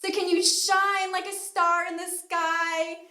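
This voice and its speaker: A woman's voice: very high-pitched, flat delivery, slow pace, bright, forceful tone. A woman leading a children's yoga class, speaking in a cheerful sing-song way and coaxing the kids through each pose. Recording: echoey room.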